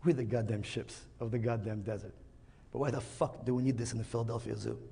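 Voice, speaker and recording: A man's voice: mid-range voice, level tone, fast talker, vocal fry, very noisy, voice pushed down, close to an everyday voice. Man doing a whiny son camel. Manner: whiny, questioning.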